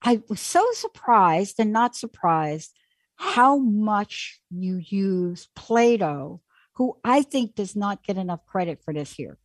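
A woman's voice: medium pitch, sing-song, slow, no room sound. A woman hosting a radio call-in show, talking in an emphatic, pushy way as she coaxes her caller along. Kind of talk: casual call-in coaching.

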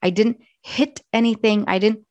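A hoarse woman who coaches clients, speaking slowly and earnestly in a reflective personal monologue. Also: a little high, fairly even intonation, dry recording. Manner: slow, soft and earnest. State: hoarse from yelling. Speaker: wellness coach.

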